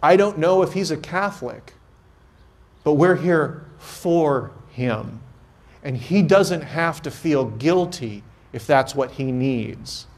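A man's voice: on the high side, lively intonation, takes it slowly. A man, a priest, giving a homily at a confirmation Mass and telling stories in an earnest, conversational way.

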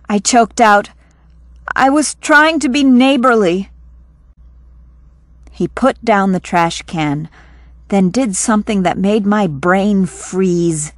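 A woman reading a first-person novel aloud calmly and deliberately for listening practice. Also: mid-range voice, no echo. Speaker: audiobook reader.

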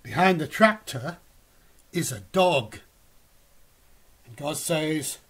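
A man reading a picture book aloud to a child in a slow, animated storytelling manner. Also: on the high side, husky. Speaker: reader.

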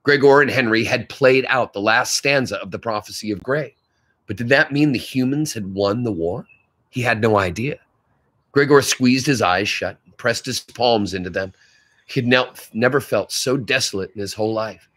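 A man's voice: medium pitch, moderate pace, a bit bright. A male teacher reading a novel aloud to his class, stopping now and then to comment on the story.

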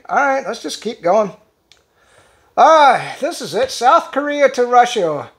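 A man's voice: extremely high pitch, big pitch swings, a bit bright. A man reads social media posts aloud on his own commentary show. He stumbles over words and restarts them, breaking off for sarcastic, conversational asides. The delivery stays loose and unscripted. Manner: halting, restarts words while reading. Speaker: channel host.

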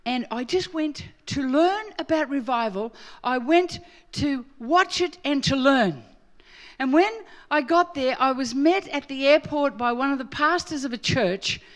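A woman's voice: high-pitched, a little slow. A middle-aged Australian woman preaching a sermon, telling a story and acting out her own quoted lines with animation. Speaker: guest preacher.

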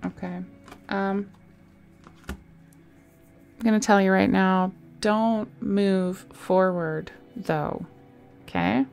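A woman giving a casual tarot reading into a desk microphone, soft and reassuring, with sighs and small laughs. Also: medium pitch, extremely slow, creaky, long pauses, soft background music. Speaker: tarot reader.

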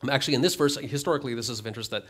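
A man's voice: medium pitch, rapid-fire, a bit bright, slightly rough. A middle-aged man preaching a sermon as a pastor, reading scripture aloud and then explaining it conversationally with light humor.

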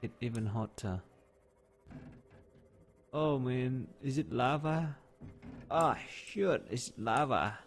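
A man's voice: medium pitch, slow, pauses often. A man giving live game commentary, talking to himself, exclaiming and joking in broken English. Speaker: gameplay streamer. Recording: faint keyboard typing in background.

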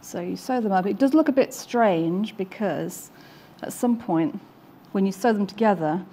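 A woman's voice: medium pitch, moderate pace, dark tone, slight background noise. A woman demonstrating quilting on a TV craft show, chatty and self-deprecating as she explains while sewing. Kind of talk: casual demonstration chat.

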